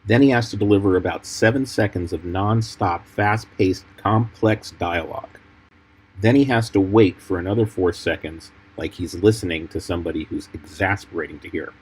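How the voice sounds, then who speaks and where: Husky low-voiced man explaining edits. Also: darkish tone, low-quality recording. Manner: explanatory, measured. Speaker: film editor. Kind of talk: commentary over film clips.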